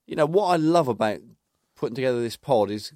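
A man's voice: mid-range voice, lively intonation, fast talker, a little mellow, no room sound, clean studio sound. A man co-hosting a casual football podcast, reading from notes and recounting old match details. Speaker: podcast co-host.

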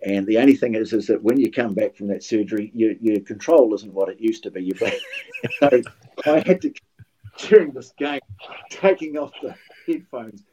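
Here a guest commentator, an older New Zealand man, tells stories in relaxed podcast conversation, often starting his sentences over. He speaks at a moderate pace in a lowish, dark voice with lively intonation, though the recording quality is poor.

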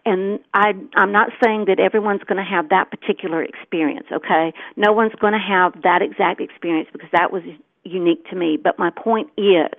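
A woman's voice: medium pitch, a little fast, dry recording. A middle-aged woman co-hosting a talk show, telling a personal story in an earnest, chatty way and acting out the dialogue. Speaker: co-host. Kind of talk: casual storytelling chat. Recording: tinny, dry phone line.

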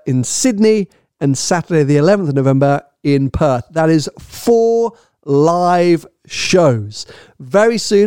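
High, lively man hosting. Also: no echo, studio quality. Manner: teasing, upbeat. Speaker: podcast host. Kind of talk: casual banter and announcements.

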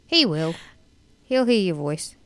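A woman's voice: fairly low pitch, sing-song, takes it slowly, no room sound. A woman co-hosting a podcast, chatting casually and rambling through a TV show recap. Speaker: podcast co-host.

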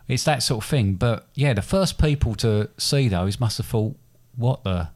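A man in easy, casual conversation, drifting through his thoughts with stops and restarts. He pokes fun at himself in a plain, mid-pitched voice. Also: normal speed, a little mellow. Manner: rambling, self-deprecating, hesitant restarts. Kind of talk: casual chat.

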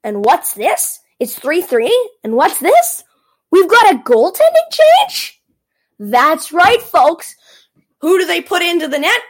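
A woman excitedly recapping a hockey game in a playful, teasing monologue, exclaiming often. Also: extremely high pitch, slow, poor audio.

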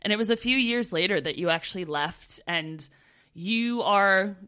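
A woman's voice: medium pitch, moderate pace, pushed and bright. A woman in her thirties from Canada, co-hosting a podcast in casual, chatty talk with frequent laughs. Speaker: podcast co-host. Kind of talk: casual chat.

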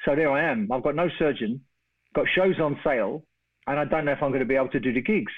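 A middle-aged man from England telling a long casual story, chatty and animated, acting out the voices of the people in it. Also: mid-range voice, fast talker. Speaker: guest storyteller. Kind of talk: casual anecdote on a phone call. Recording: tinny phone-line sound.

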